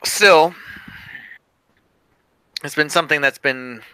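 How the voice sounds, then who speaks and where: A man's voice: a little high, sharp tone, clean tone, dry recording. A man playing Charles, a weary reflective cop. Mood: musing. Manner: thoughtful, halting, with fillers. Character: male police detective, weary and reflective. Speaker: tabletop game player. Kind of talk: in-character tabletop role-play.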